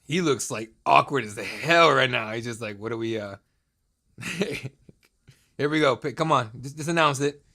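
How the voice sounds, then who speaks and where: A man's voice: medium pitch, normal speed, sharp tone. A man in his thirties hosting a live draft stream, chatting loosely with viewers and joking with crude remarks. He talks from a home streaming setup into a desk mic. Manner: loose, joking, profane banter with chat. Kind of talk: casual live-stream commentary.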